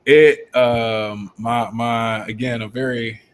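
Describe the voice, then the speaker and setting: A man's voice: medium pitch, slow pace. Laughing, rambling football coach, man. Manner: animated storyteller, laughs often, loose and rambling. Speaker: football coach and show host. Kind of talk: casual live-stream talk.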